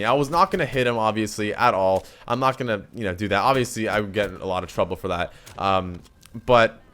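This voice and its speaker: Young Canadian guy, mid-pitch, spins a story for his viewers with lively swearing and acted-out quotes. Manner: animated, swears freely, acts out quoted lines. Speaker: vlogger. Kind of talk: casual storytelling to camera.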